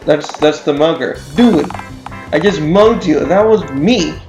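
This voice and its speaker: A man's voice: on the high side, slow pace. A man puts on a crude, leering mugger with a drawling street voice. He is brash and sleazy. The sound is roomy and echoey, and game music plays behind him.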